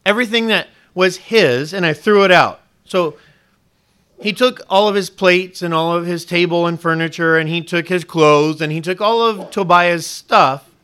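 A man's voice: sits high, pushed and bright, clear, resonant tone. A male pastor preaching a sermon, putting questions straight to the congregation and leaning hard on key words. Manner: preaching with rising emphasis and direct questions to the congregation.

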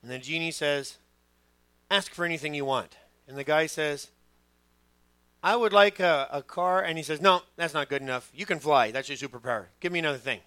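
A middle-aged man preaching a sermon as pastor, telling stories with lively quoted voices. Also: fairly high pitch, brisk, clear, resonant tone, no echo. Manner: animated storytelling, acting out quoted voices.

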